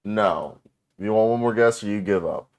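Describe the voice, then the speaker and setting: A man's voice: fairly low pitch, normal speed. A man co-hosting a basketball podcast in casual chat, teasing and joking. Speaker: podcast co-host.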